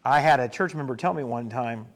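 A man's voice: medium pitch, a little fast. A male pastor preaching a sermon, telling stories with emphasis and putting questions to the congregation.

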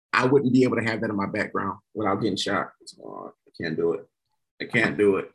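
A fast-talking man who laughs often, chatting casually as a guest. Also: fairly low pitch, expressive, creaky, slightly rough. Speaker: comedian guest. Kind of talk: casual chat.

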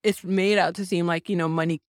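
A woman talking casually about a film, thinking out loud with lots of restarts and hedging. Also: on the low side, fairly even intonation, a little fast, clear, resonant tone, dry recording, clean studio sound. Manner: thoughtful, rambling, many restarts.

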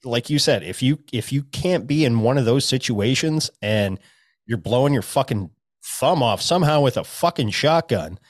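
A man's voice: mid-range voice, expressive, normal speed, no room sound, clean studio sound. A man co-hosting a podcast, telling a rambling, profane story in casual chat. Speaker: podcast co-host.

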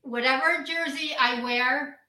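A woman's voice: sits high, a little slow, sharp tone. A woman guest in a casual chat, giggling and exclaiming. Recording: echoey room with faint noise.

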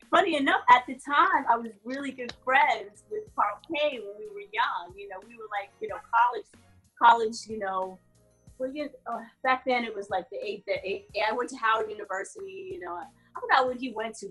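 A woman in her forties chats as an interview guest, her voice slightly husky and set a little high. She tells her stories with lively asides and frequent laughter. Faint music plays beneath the conversation. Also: moderate pace. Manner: laughs often, animated storytelling. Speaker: guest actress. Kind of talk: casual interview chat.

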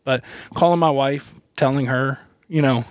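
A man sits in a van as a guest, telling his story in a relaxed, halting way and chuckling between thoughts. His voice sits at an average pitch, and the recording is close and dry. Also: no room sound. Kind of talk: casual storytelling. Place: inside a parked van.

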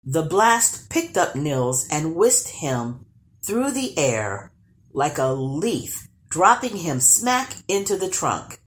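A woman storyteller reading a children's storybook aloud with expressive, animated narration. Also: sits low, slow.

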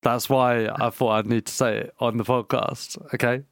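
A man's voice: medium pitch, level tone, moderate pace, vocal fry, no room sound, studio quality. A man co-hosting a casual gaming podcast, rambling through jokes and laughing often. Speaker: podcast co-host. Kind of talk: casual chat.

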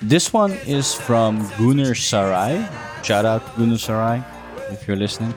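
A man's voice: medium pitch, unhurried, soft background music. A man co-hosting a casual football podcast, reading out listener questions in a laid-back way. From Netherlands.

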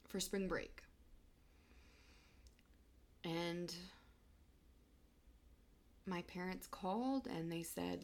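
A young woman in her twenties telling a personal story of loss, halting and fighting back tears. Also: lowish voice, steady tone, vocal fry.

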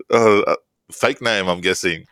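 A man, co-hosting a podcast and telling stories in a jokey, animated way. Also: fairly low pitch, takes it slowly, no room sound. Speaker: podcast co-host. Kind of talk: casual chat.

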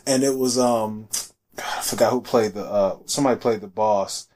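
A man's voice: fairly low pitch, moderate pace, a little mellow. A man in casual chat, telling stories loosely and profanely and mimicking other people.

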